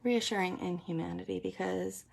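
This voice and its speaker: A woman's voice: fairly low pitch, fairly even intonation, moderate pace, creaky, noisy background. A woman, rambling and chatty, talking through a live makeup tutorial with lots of ums. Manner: chatty, rambling, many ums, explains as she works.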